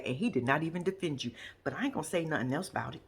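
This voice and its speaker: A sassy woman with a husky voice dishes blunt, profane commentary while recapping a reality show. Her pitch swings widely, jumping high for her asides. She talks casually and holds nothing back. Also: rapid-fire. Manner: lively, swoops high for asides.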